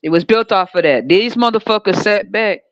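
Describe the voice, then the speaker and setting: A woman's voice: mid-range voice, brisk, no echo. Woman ranting bluntly on a lo-fi recording. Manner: blunt, heated, sarcastic, swears heavily. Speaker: podcast host. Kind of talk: profane ranting monologue. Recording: dull lo-fi dry recording.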